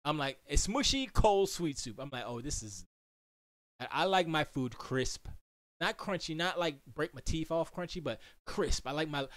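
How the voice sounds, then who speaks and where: An animated man chatting on his own livestream from a home studio. His pitch leaps all over the place as he jokes and riffs, and the sound is dry and close with no room echo. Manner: animated and joking, jumps into silly quoted voices. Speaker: livestream host. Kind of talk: casual livestream commentary.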